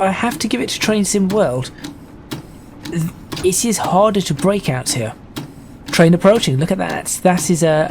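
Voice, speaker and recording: A man giving casual, stop-start gameplay commentary as a video host. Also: fairly high pitch. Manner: chatty, stop-start, self-correcting. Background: train sim game noise.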